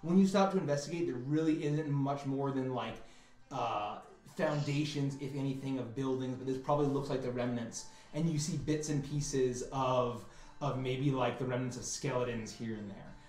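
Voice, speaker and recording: A man's voice: mid-range voice, steady tone, normal speed, a little mellow. A man running a tabletop game as game master, narrating loosely with fillers and restarts. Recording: echoey room.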